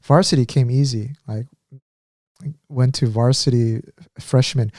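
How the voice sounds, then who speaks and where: A man in his thirties rambles through a casual podcast story, full of fillers, restarts and trailing thoughts. His voice is dark and mellow. The sound is close and dry, with no room in it. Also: mid-range voice, steady tone, unhurried, dry recording. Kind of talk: casual chat.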